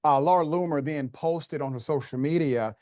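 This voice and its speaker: A man's voice: on the high side, normal speed, mellow, dry recording, studio quality. A man hosting a political commentary show, building up each point with dramatic, emphatic setups. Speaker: host.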